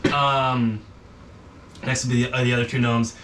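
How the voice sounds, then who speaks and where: A man's voice: mid-range voice, level tone, moderate pace, a bit bright. Young guy dm-ing a tabletop game, kinda far from the mic, noisy room, lots of uhs. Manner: casual, hesitant with many fillers. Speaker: game master. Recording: distant mic with background noise.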